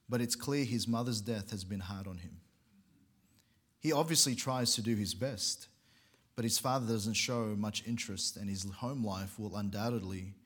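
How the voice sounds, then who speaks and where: Low-voiced pastor telling a story. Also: male voice, breathy edge. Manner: earnest storytelling with occasional restarts. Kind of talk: sermon storytelling.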